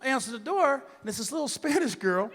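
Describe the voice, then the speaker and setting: A middle-aged man performing a profane, swaggering stand-up comedy set, acting out shouted quotes, on stage with a handheld mic. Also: very high-pitched, sing-song, a little fast, slightly rough, in a large hall. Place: comedy stage before a live audience. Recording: live room with crowd laughter and noise.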